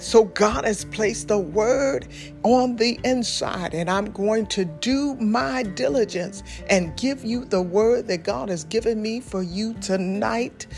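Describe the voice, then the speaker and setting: A woman's voice: a little high, darkish tone. A woman preacher delivering a sermon in a fervent, emphatic way, repeating key phrases. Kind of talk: sermon with sung worship opening.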